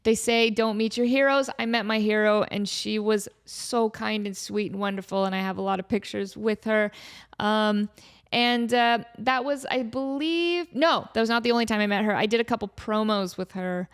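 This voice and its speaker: At a medium pitch and normal speed, her voice is clear with a resonant tone. This woman in her thirties hosts her own podcast, chatting casually and bubbly with "like" fillers, playful asides and excited voices for her stories.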